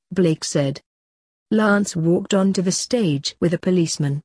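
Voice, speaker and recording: A woman reads a story aloud in a brisk, matter-of-fact manner. Her voice sits low, mellow and a little husky, recorded close and dry. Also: no room sound. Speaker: narrator. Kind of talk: storybook reading.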